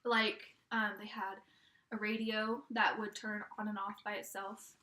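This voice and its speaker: A woman's voice: mid-range voice, a little slow, echoey room. A young woman telling a scary story casually, rambling with lots of fillers. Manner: rambling, filler-heavy, relaxed. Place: in a car.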